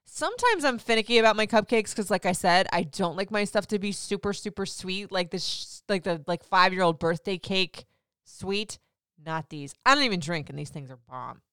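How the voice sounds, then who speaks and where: Gushing, chatty woman, very smooth voice. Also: mid-range voice, lively intonation, moderate pace, a bit bright, dry recording, clean studio sound. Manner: gushing, chatty, lots of "like" and "y'all". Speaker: podcast host. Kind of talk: casual chat.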